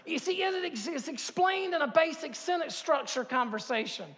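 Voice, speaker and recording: Fifties male pastor, high-pitched and fervent, sanctuary with long reverb. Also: expressive, moderate pace. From Harkers Island, North Carolina. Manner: builds to loud impassioned preaching, repeats words, asks the crowd questions. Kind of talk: sermon. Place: church sanctuary.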